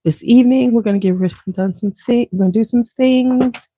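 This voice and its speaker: A woman's voice: a little high, moderate pace, mellow, dry recording. A woman hosting a beauty channel, chatting casually and scattered with viewers and greeting them by name. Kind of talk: casual chat with live viewers.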